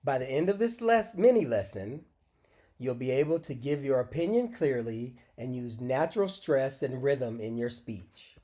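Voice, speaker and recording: A man teaching a short English lesson, speaking deliberately and modeling phrases for learners to repeat. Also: medium pitch, sing-song, mellow. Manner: slow, deliberate, encouraging, models phrases aloud for repetition. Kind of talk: scripted micro-lesson with screen demo.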